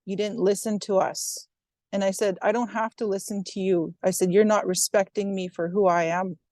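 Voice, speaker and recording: A woman recounting a personal incident at length, retelling what was said in a steady, even way. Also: medium pitch, normal speed, no echo. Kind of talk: first-person account.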